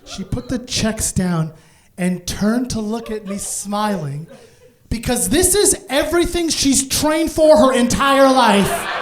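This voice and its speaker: A man from Africa performing live stand-up, telling an office story that keeps building and bursting into loud shouted punchlines. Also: extremely high pitch. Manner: animated, escalating, bursts into shouts. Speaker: stand-up comedian. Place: stage before a live audience.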